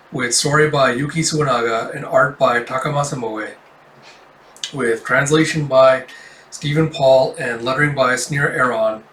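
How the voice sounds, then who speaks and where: A man hosting a casual manga read-through, chatty and relaxed. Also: medium pitch, roomy sound, slight background noise. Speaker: host.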